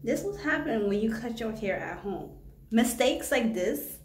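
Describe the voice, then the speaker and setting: A woman's voice: fairly high pitch, sing-song, a little slow, echoey room. A woman chatting casually through a home haircut in her vlog, flustered, swearing and laughing nervously. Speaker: hair vlogger. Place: echoey room at home.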